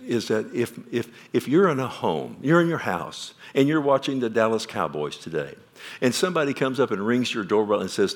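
Pastor guy preaching, gets loud then drops quiet, keeps asking amen?. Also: mid-range voice. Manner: asks the congregation questions. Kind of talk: sermon.

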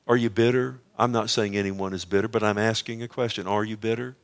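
A man's voice: lowish voice, steady tone, fairly quick, hardly any pauses. A middle-aged male pastor preaching a sermon, emphatic and often asking his listeners questions. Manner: emphatic, asks the congregation questions.

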